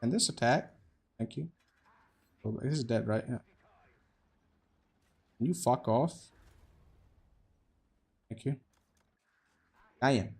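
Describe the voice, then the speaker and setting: A man's voice: medium pitch, takes it slowly, creaky, pauses often, breathy edge. Profane joking young man streaming a game. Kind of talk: casual gameplay commentary.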